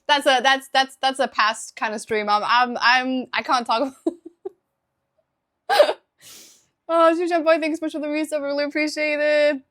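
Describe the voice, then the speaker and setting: Chatty young woman streamer, higher voice. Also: fairly bright tone. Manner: chatty, laughs often, thanks viewers for subs. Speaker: live streamer. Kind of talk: casual chat with stream viewers.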